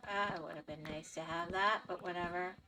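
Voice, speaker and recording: A woman's voice: on the low side, steady tone, a little fast, far from the mic, background noise. A woman streamer chatting casually with her chat while playing a game, thinking aloud as she goes.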